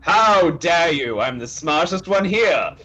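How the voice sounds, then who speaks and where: A man voicing a boastful, dim male dog warrior who blusters loudly. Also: on the high side, animated, slow pace, muffled recording, pitched above the performer's own voice. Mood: offended.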